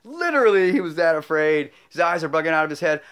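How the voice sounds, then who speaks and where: A man's voice: on the high side, flat delivery, fast, a bit bright, smooth. A man telling a heartfelt personal story in an earnest, rambling way, full of restarts and growing emotional. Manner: emotional, choking up. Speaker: motorcycle travel vlogger.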